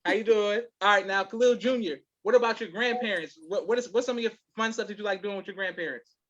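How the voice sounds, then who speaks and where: A man's voice: high voice, fast, a bit bright. A man hosting a podcast, asking guests questions in a slangy, hyped-up way. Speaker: podcast host. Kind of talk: casual podcast interview. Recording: dull lo-fi sound.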